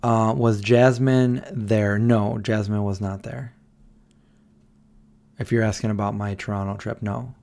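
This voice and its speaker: A man's voice: lowish voice, steady tone, measured pace, vocal fry, darkish tone. A tired man hosting a late-night livestream, rambling and answering viewers as he reads their messages aloud. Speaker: livestream host. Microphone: desk microphone.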